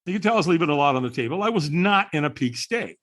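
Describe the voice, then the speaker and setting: A podcast guest spins a story with real animation, his pitch leaping up and down as he acts out the people in it. His voice sits a bit high for a man, with a husky edge to it. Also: quick pace. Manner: lively storyteller who acts out quoted people.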